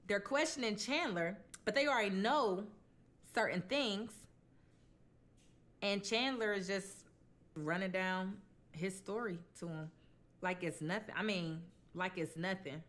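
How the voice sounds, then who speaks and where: A woman retells a true crime case over a meal in a relaxed, chatty voice. She talks conversationally, with blunt, colloquial asides. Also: medium pitch, unhurried. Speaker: true crime mukbang host. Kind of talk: casual true crime storytelling while eating.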